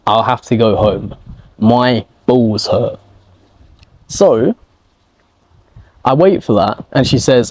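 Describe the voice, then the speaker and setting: A man telling a personal story slowly and clearly for language learners, acting out the scenes as he goes. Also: medium pitch. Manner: animated, acts out scenes and quotes.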